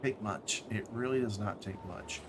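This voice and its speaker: A man streaming a city-building game, thinking aloud in relaxed commentary with small asides. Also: on the low side, normal speed, noisy background.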